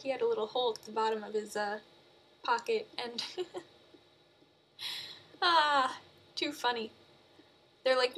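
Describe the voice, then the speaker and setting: High-voiced chatty woman recapping a movie. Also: slight background noise. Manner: chatty, animated, many fillers and self-corrections. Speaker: movie reviewer.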